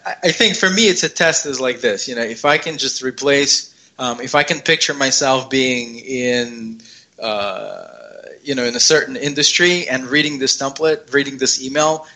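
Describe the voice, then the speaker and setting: A man's voice: medium pitch, moderate pace, pushed and bright, rough recording. A man speaking as a guest in an interview, thinking aloud with frequent fillers. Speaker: guest, software co-founder. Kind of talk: casual interview talk.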